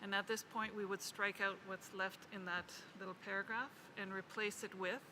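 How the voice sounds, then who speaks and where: A woman delivering a formal, measured statement as a national delegate at a committee meeting, reading proposed text slowly. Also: medium pitch, level tone, background noise. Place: large conference hall.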